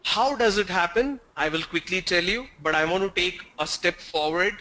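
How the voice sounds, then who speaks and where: A man's voice: high voice, normal speed, sharp tone, low-quality recording. A man teaching an online English class over a video call, quizzing students and joking with them. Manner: asks the class questions, teasing and joking. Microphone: video call mic.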